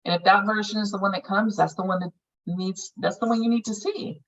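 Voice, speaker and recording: A woman's voice: medium pitch, fairly even intonation, fairly quick, a bit bright, distant mic, lo-fi sound. A woman leading a healing circle, talking casually and frankly about meditation, swearing freely as she goes. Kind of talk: casual group guidance on meditation.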